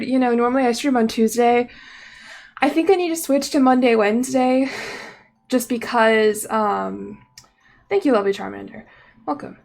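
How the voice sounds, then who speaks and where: A woman's voice: fairly high pitch, vocal fry. A young woman chatting casually on a livestream, rambling and breaking off her own sentences as she talks. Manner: rambling, chatty, self-interrupting. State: slightly out of breath. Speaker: streamer. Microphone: desk microphone, no camera. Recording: faint music behind voice.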